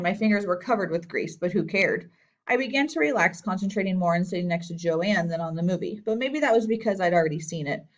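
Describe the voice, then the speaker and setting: A woman's voice: mid-range voice, highs cut off. Woman reading a children's novel aloud. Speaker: audiobook reader. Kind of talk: scripted narration.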